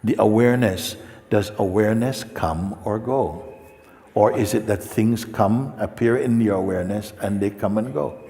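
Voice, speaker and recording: A man with a fairly low voice gives a spiritual talk. He answers a seeker gently and without hurry, and often pauses to ask if he is understood. His voice rings with the long reverb of a large hall. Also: gravelly. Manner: gentle, unhurried, checks in with questions. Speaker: spiritual teacher.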